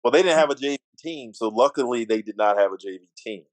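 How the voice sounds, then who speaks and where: Animated storytelling man, dry sound. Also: mid-range voice, quick pace, dry recording. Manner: animated, self-deprecating, many restarts. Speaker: guest, athletic director. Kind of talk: casual podcast storytelling.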